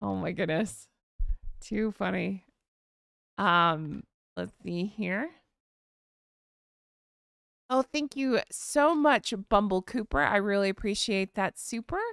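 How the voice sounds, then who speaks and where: A woman's voice: mid-range voice, slow, creaky, long pauses, fairly bright tone, clean tone, no echo, clean studio sound. A woman with a Southern US accent, hosting a casual live-stream chat in a gossipy, giggly way. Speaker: host.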